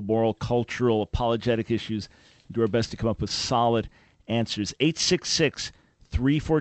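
A man's voice: mid-range voice, no echo. A man hosting a Christian talk radio show, earnestly teaching and answering listener questions about scripture. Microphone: studio microphone.

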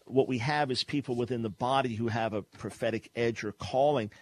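A man's voice: medium pitch, fairly quick, darkish tone, dry recording. Earnest male radio talk host, dry sound. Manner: earnest preaching delivery with repeated restarts. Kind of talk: call-in radio talk and teaching.

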